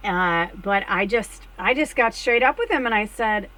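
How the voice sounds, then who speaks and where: A woman's voice: mid-range voice, moderate pace, hardly any pauses, low-quality recording. Candid, chatty woman medium. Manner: chatty and candid, swears freely, gets excited and shrieks when retelling. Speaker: spiritual medium and vlogger. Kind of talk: casual personal storytelling to viewers.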